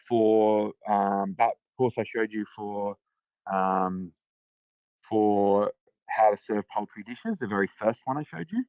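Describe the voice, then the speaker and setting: A man presenting a live software demo on a webinar, talking casually with lots of fillers and restarts. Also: on the low side, dry recording, lo-fi sound.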